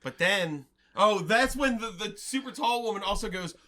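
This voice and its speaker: High-voiced man recapping a film. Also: lively intonation, moderate pace, noisy background. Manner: laughing, recapping scenes with quoted lines. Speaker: podcast co-host. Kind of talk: casual film-riffing chat.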